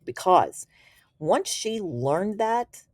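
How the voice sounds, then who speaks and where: A woman's voice: mid-range voice, big pitch swings, drawn-out words, darkish tone, no room sound. A woman telling a story in a casual, slangy and enthusiastic way, laughing now and then as she explains. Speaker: Reiki teacher.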